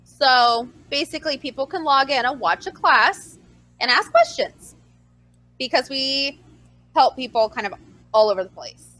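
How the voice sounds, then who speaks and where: A woman's voice: high-pitched, measured pace, faint music behind. A woman co-hosting a podcast, telling a story in casual chat and acting out the dialogue with animation. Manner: animated, acts out dialogue in her stories. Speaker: podcast co-host.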